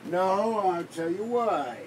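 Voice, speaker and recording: A man chatting on his own live stream, voice sitting a little high for a man. He rambles, grumbles and keeps cutting in on his guest. A faint hiss sits under the home recording. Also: expressive, slow pace. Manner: rambling, complaining, talks over his guest. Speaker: livestream host. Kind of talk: casual live-stream chat.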